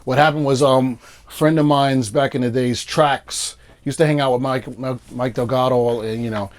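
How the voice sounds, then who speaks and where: A man, a producer guest telling animated stories and acting out his friends' lines in a casual interview. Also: mid-range voice, moderate pace.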